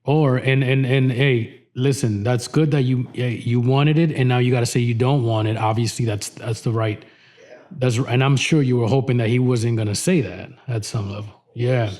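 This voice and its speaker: A man hosts a podcast interview in a relaxed, conversational way. He works through his thoughts out loud, often repeating words and starting his sentences over. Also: mid-range voice, moderate pace. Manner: thinks out loud, with many restarts and repeated words. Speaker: podcast host. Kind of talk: casual interview chat.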